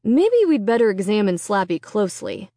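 A woman voicing a practical, level-headed father who speaks in a calm, matter-of-fact way. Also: medium pitch, moderate pace, no room sound, studio quality, lightly acted.

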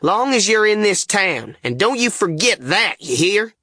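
A man voicing a blustering old male swindler who poses as a king, gruff and bullying, in an audiobook reading. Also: sits high, animated, a little slow, a bit bright, no room sound, clean studio sound, voice pushed up, exaggerated voice. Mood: snarling. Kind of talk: audiobook character voice.

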